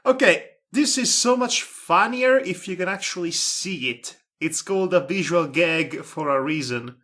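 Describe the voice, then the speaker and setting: A man's voice: high-pitched, a little slow, pushed and bright. A man reading a comic story aloud, breaking off for sarcastic asides. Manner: sarcastic asides and laughter between lines. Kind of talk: comedic dramatic reading.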